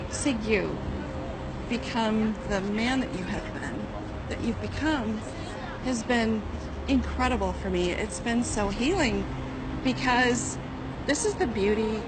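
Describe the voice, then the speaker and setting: An earnest woman with a fairly high voice speaks from the heart, directly to the person in front of her. Clear background noise sits behind her. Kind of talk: documentary interview. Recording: noisy background.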